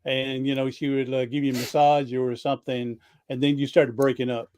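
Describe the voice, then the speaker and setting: A man hosting a podcast interview over a video call, supportive and quick with affirming murmurs. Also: medium pitch, flat delivery, darkish tone, smooth. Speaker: podcast host. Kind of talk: casual interview chat.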